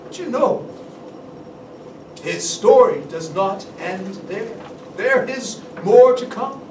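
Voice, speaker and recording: Slow, high-voiced male storyteller. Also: expressive, a little mellow. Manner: measured, solemn reading. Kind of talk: dramatic scripture storytelling. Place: church. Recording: echoey church sound from a distant mic with background noise.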